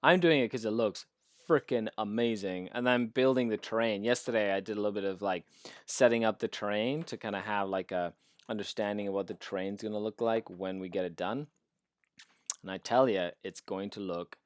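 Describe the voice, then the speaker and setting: A man's voice: on the low side, fairly quick, clear, resonant tone, no echo, clean studio sound. A man hosting a casual live hobby stream while painting miniatures, playful and enthusiastic as he chats with viewers at his desk mic.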